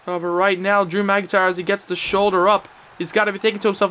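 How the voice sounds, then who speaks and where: A young man giving excitable play-by-play commentary on a wrestling video game, breaking into shouts at big moves. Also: high voice, fast talker, few pauses, a little hiss or hum.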